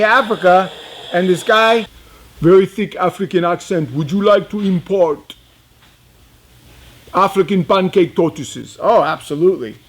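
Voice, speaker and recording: High-voiced man telling a story. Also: fairly bright tone, a little hiss or hum. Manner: chatty, addresses young viewers directly; laughs often while telling the tale. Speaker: reptile business owner. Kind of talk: casual personal storytelling.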